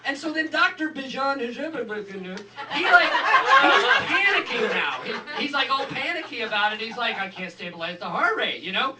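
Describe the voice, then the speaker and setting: A man doing stand-up, telling a story with animated asides and acted-out quotes. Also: extremely high pitch, a little fast, hardly any pauses, over a noisy crowd. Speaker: stand-up comedian. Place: live comedy venue. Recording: echoey room, far from mic, audience noise.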